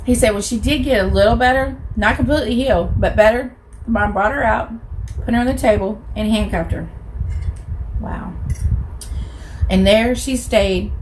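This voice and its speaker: A woman's voice: fairly high pitch, normal speed, pauses often, a little hiss or hum, low-quality recording. A woman hosting an eating show, telling a true crime story in a blunt, colloquial way and talking straight to her viewers. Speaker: mukbang host.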